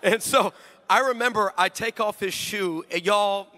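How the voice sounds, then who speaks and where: High, bright-voiced animated male preacher. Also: measured pace, slight background noise. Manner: animated storytelling, swings from shouting to hushed. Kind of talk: sermon. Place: large hall with live audience.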